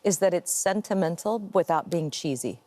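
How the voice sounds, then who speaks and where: A woman's voice: fairly low pitch, animated, moderate pace, warm tone. An American woman in her fifties, an actress guest answering interview questions thoughtfully and laughing easily. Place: TV studio.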